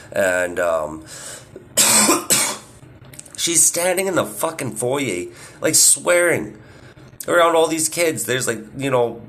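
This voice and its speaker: Swearing constantly and laughing at his own stories, a podcast host in his thirties rambles through a casual monologue. He has a mid-range, fairly bright voice.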